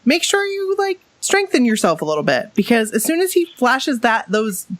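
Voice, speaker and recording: A woman's voice: on the high side, sing-song, moderate pace, no room sound. Woman guest host, emphatic, repeats phrases, dry close sound. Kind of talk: casual chat.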